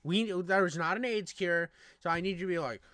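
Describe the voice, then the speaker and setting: Young man with a high-ish, dry voice. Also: fairly bright tone, no room sound. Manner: loose, joking, swearing, quick to laugh. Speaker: reaction video host. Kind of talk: casual crude commentary.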